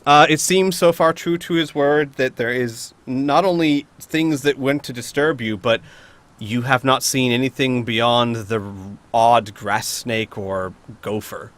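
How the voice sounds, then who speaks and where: A man runs a tabletop game as game master, narrating travel and calling for rolls. His voice is bright and forward, and his delivery is casual and loose, full of pauses and restarts as he thinks out loud. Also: medium pitch. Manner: casual, hesitant with many fillers.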